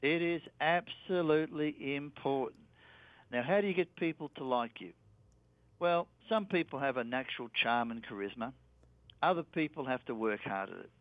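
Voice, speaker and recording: An Australian man, a sales trainer, calmly walking through a sales method as a guest. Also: mid-range voice, moderate pace, no room sound. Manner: steady, instructive, with fillers. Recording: dry, tinny phone line.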